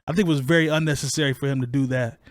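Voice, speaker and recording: A man's voice: medium pitch, fairly even intonation, rapid-fire, dry recording. Opinionated male podcast host, dry sound. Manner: conversational, opinionated, restarts a lot. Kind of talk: casual chat.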